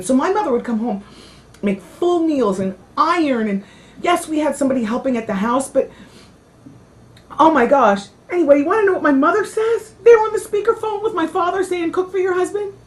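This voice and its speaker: A woman's voice: high voice, slight background noise. A middle-aged woman hosting a talk show, chatting candidly and rambling, her talk full of "you know" and "like". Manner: candid, dramatic storytelling. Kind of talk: casual after-show chat.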